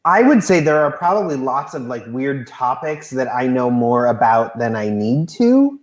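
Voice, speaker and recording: A man's voice: mid-range voice, very animated, moderate pace, reverberant. A man hosting a talk show remotely, chatting casually with rambling, self-deprecating asides and hesitant restarts. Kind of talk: casual chat. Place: home room, remote video call.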